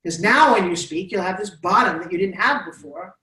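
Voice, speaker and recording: This time the presence coach's voice is fairly low and fairly quick, captured from far away in an echoey classroom. With her New York accent, she leads the live workshop, coaxing and directing students through exercises with animation.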